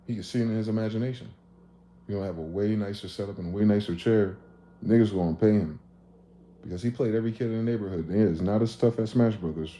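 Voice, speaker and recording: A man casually riffing on a livestream, profane and animated, acting out both sides of conversations. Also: fairly low pitch. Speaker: livestream host. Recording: echoey room with faint ambient noise.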